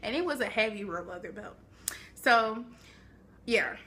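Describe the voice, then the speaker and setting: A young woman vlogging a storytime, animated and chatty with dramatic asides, speaking to a camera at home. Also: medium pitch, unhurried, slight background noise. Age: young adult. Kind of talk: storytime vlog.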